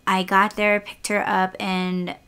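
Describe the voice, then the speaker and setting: A woman's voice: mid-range voice, little pitch movement, takes it slowly, fairly bright tone, smooth. A young woman hosting a podcast, casually telling a frustrating rideshare story in a candid, exasperated way, swearing freely. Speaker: podcast host and rideshare driver.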